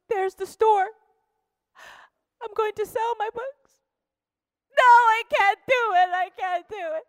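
A woman's voice: very high-pitched, no echo, studio quality, voice pushed up. A woman playing an earnest young male student who is pious and anxious, pleading and sighing.

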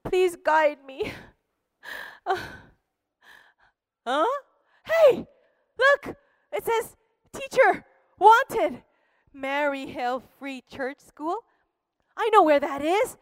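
A woman's voice: high voice, lively intonation, slow pace, pauses often, no echo, clean studio sound. A woman playing an anxious pious young student. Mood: pleading. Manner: earnest, pleading and sighing.

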